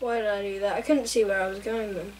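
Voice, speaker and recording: A woman reacting out loud while playing a racing game, laughing and exclaiming often. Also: medium pitch, steady tone, quick pace. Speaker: gameplay streamer. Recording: mic a bit far off, faint room noise.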